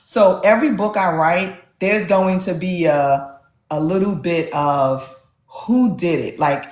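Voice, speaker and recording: A woman author in a casual interview, telling stories with animated energy. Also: fairly low pitch, echoey room. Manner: animated storyteller, acts out quotes. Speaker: author guest.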